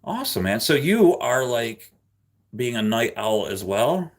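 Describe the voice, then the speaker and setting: A chatty man hosts a livestream, rambling and ranting in a mid-range voice as he reads viewers' comments out loud. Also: medium pitch, big pitch swings, a little slow. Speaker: livestream host. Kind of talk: casual chat reading live comments.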